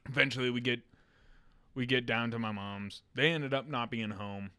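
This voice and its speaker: A man's voice: mid-range voice, moderate pace, clear, resonant tone. A young man, a podcast co-host, telling a funny story in casual chat, laughing and acting out voices. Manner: animated, laughing storyteller acting out a kid's screams.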